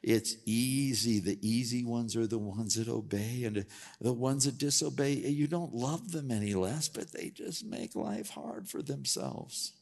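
A man preaching a sermon in an animated, conversational way, full of rhetorical questions. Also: medium pitch, a little slow, vocal fry. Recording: long hall reverb.

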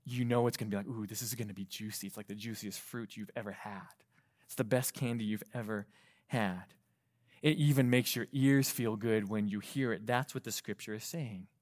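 A male pastor with a lowish voice preaches a sermon at a moderate pace. He's animated, asking the congregation rhetorical questions and acting out quoted voices.

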